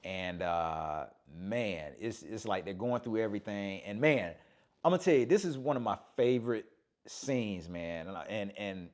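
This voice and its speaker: A man's voice: lowish voice, moderate pace. A man on a casual podcast, retelling film scenes with energy, acting out the lines and often saying "man". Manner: animated storytelling, acts out movie lines, says "man" often. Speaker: podcast host.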